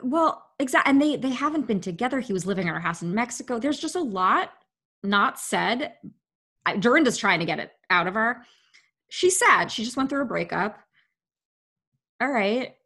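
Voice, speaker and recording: A woman's voice: on the high side, expressive, normal speed, bright, forceful tone, breathy edge. A woman co-hosting a podcast, chatting bluntly and expressively with laughing asides. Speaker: podcast co-host. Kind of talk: casual chat recapping reality TV.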